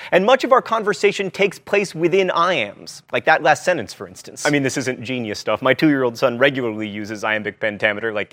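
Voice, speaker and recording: A man in his thirties hosting an educational video, delivering a scripted, fast-moving lecture with jokey asides. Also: on the high side. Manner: jokey, animated, with comic asides.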